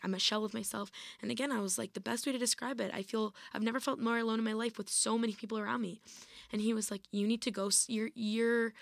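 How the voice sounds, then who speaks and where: A woman's voice: mid-range voice, gravelly, a bit bright, no echo, clean studio sound. Young woman telling her story, chatty. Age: young adult. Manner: casual, heavy use of "like", many restarts. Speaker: former college athlete guest. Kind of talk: personal storytelling in an interview.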